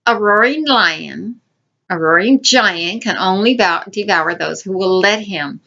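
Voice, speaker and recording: A woman teaches a Bible lesson for children in a chatty, informal way, often repeating and restarting her words. Her voice sits at a middle pitch. The recording is dull and lo-fi. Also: a little slow, vocal fry, pushed and bright.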